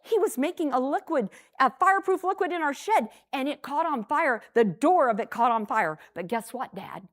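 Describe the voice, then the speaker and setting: A woman voicing an excited, cheeky young boy in a children's story. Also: high-pitched, moderate pace, hardly any pauses. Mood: eager. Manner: eager and boyish.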